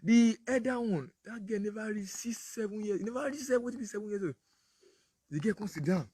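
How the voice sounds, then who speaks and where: Nigerian guy preaching in pidgin, husky voice, acts out the lines, dry close sound. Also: sits high, a little fast, dark tone, no echo. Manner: storytelling, acts out dialogue. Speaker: apostle speaking on parenting. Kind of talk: casual Pidgin sermon talk.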